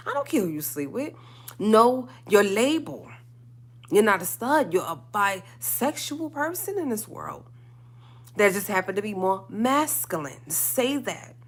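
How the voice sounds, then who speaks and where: A woman ranting on her own livestream, low-pitched for a woman and fired up. She hammers points home by repeating them, with slangy asides. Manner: emphatic, repeating lines for stress, with slangy asides. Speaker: livestream host. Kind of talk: heated solo livestream rant.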